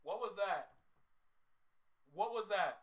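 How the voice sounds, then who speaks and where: A man's voice: high-pitched, expressive, slow. A man hosting a reaction video, talking casually with slang and laughter and repeating his disbelief.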